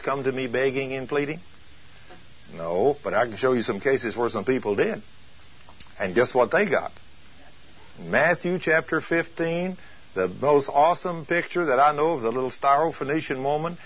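A man's voice: on the high side, slightly rough. A male preacher teaching a sermon emphatically, asking his listeners rhetorical questions. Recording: dull lo-fi taped teaching.

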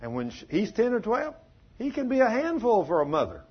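A man's voice: sits high, huge pitch swings, brisk, slightly rough, highs cut off. A man preaching a folksy sermon, full of stories and questions put to the congregation. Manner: folksy, plain-spoken, asks the audience questions.

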